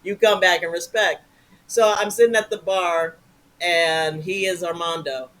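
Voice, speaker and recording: Bright-voiced older woman telling stories. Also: on the low side, measured pace, rough recording. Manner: animated, swears freely. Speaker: guest improviser. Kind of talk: casual storytelling interview.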